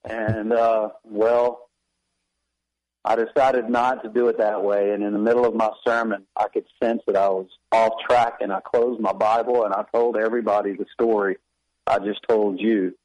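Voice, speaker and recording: A man's voice: on the low side, little pitch movement, normal speed, darkish tone, rough recording. A man, a pastor and author, telling a candid, confessional personal story in a radio interview with wry self-deprecating humor.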